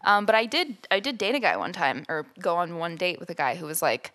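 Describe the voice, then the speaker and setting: A woman's voice: fairly low pitch, big pitch swings, brisk, a bit bright. A woman co-hosting a podcast, chatting casually at a desk mic, teasing her co-host and laughing often. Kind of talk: casual chat.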